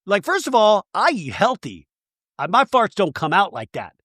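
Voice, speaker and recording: A man's voice: sits high, wildly swooping pitch, moderate pace, a bit bright, no echo, studio quality, voice pushed up, exaggerated voice. A man putting on the voice of a dramatic, offended woman, scolding in an exaggerated way. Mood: offended ranting.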